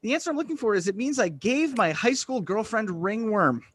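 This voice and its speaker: A man from Western Massachusetts doing a deadpan, self-deprecating stand-up set over a video call. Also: sits high, fairly quick, breathy edge. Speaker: stand-up comedian.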